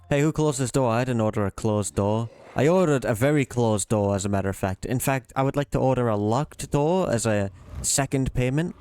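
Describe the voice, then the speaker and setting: A man's voice: mid-range voice, normal speed, a little mellow, slight background noise. A man giving casual, playful commentary while playing a horror game, jokingly talking to the monsters as if they were silly pets. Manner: playful, teasing the monsters in a silly sing-song way. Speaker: let's play gamer.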